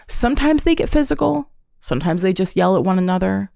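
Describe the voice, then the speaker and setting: A woman's voice: medium pitch, expressive, a little fast, gravelly, dark tone, no echo, studio quality. A woman hosting a solo podcast, recapping a show in a profane, sarcastic, joking way. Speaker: podcast host. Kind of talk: casual solo podcast storytelling.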